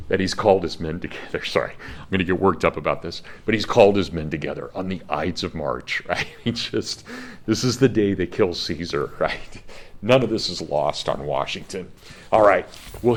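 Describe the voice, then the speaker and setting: A man with a low, deep voice lecturing on history to a class. He tells the story emphatically and with feeling, and he is middle-aged. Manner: animated storytelling, emphatic, gets emotional. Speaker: history professor.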